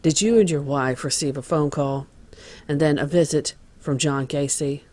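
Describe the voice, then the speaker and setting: A man voicing a male trial lawyer asking formal, measured questions in a dramatized reading of court testimony. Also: a little high, steady tone, darkish tone, close to an everyday voice.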